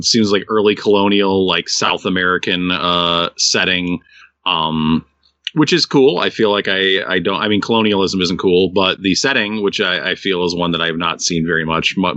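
Deep, forceful male co-host, casual and rambling, stuck with hiccups; dull close-miked sound. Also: dry recording. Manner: rambling, many restarts and fillers. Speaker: podcast co-host reviewing games. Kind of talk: casual chat.

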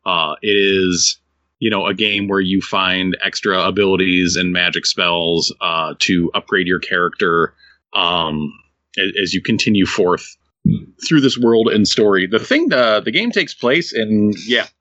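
A man's voice: low-pitched, a little slow, bright, forceful tone, no echo, highs cut off. A man co-hosting a podcast, reviewing a game in casual chat, rambling with many restarts and fillers, fighting hiccups. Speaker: podcast co-host reviewing games.

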